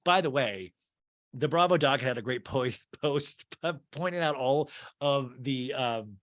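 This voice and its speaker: A man's voice: mid-range voice, a little slow, a bit bright. A man hosting a comedy podcast, recapping a reality show in a wry, gossipy and theatrical way. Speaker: podcast host. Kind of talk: comic TV recap.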